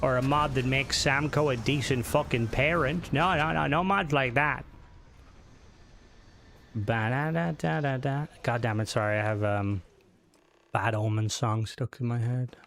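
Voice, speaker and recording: A man's voice: medium pitch, steady tone, moderate pace, a bit bright, a little hiss or hum. A man chatting casually on a live stream about game mods, swearing freely, rambling and joking, sometimes humming to himself. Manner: hums and sings to himself between remarks. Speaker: livestreamer reviewing game mods.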